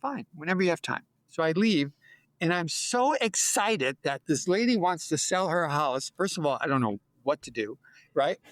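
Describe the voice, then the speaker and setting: Lively storytelling man in his sixties. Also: a little high, normal speed, dry recording. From United States. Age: 60s. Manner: lively, acts out dialogue in a raised voice. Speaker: real estate agent, guest. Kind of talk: animated storytelling in an interview.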